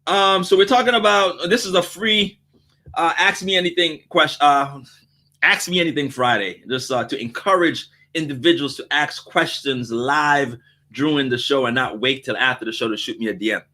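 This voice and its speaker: Guy hosting a live q&a, high bright voice, jokey and animated. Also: moderate pace. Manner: animated, joking, laughs often. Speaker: host. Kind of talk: live Q&A show.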